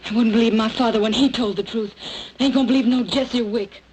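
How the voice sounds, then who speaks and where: A woman's voice: medium pitch, fairly even intonation, quick pace, a little mellow, a little hiss or hum, lightly acted, rough recording. An actress as a curt, distrustful young Southern woman. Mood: resentful. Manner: resentful, curt. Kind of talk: 1940s film acting.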